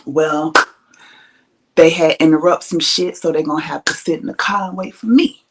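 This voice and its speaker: A woman voicing an annoyed, dismissive man on a date who mumbles and brushes off questions, a little lower than her own voice. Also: steady tone, normal speed.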